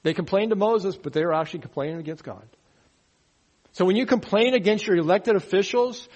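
Higher-voiced man preaching a sermon. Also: a little fast. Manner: teaching, asks the congregation questions; mocking grumblers in a rising, louder voice. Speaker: pastor. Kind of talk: verse-by-verse sermon.

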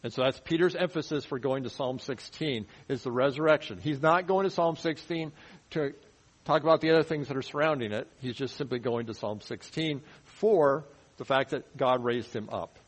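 A man's voice: normal speed, husky, rough recording. Man preaching a conversational Bible sermon. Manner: conversational teaching, drops his voice low for emphasis. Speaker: pastor. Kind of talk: expository sermon.

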